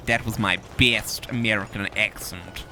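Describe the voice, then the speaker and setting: Playing a character, a gaming host delivers comedic gameplay commentary in a theatrical, pompous manner over game music and sounds. His low voice is sharp and steady at a moderate pace, with a little hiss or hum in the audio.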